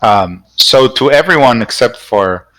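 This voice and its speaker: A man narrating a tabletop game as game master, halting and stumbling through his descriptions. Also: medium pitch, lively intonation, a bit bright. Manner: halting, full of fillers and restarts.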